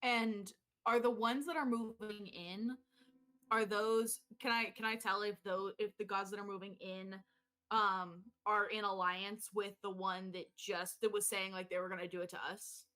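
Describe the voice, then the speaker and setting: A woman's voice: mid-range voice, steady tone, moderate pace, sharp tone. A woman taking part as a player, asking hesitant, stumbling questions in casual chat.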